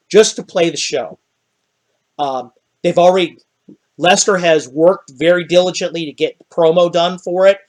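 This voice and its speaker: A man narrating a tabletop game as dungeon master, rambling with many fillers. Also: fairly high pitch.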